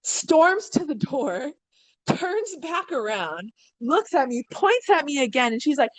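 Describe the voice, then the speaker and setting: A woman guest on a podcast, telling a story in casual chat, animated and blunt, acting out quotes and swearing freely. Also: measured pace, dry recording, low-quality recording. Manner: animated, acts out quotes with big pitch swings.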